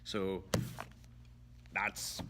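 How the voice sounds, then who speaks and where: A man's voice: drawn-out words, noisy background. A middle-aged British man chatting as an interview guest, laughing easily and restarting mid-thought. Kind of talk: casual interview chat.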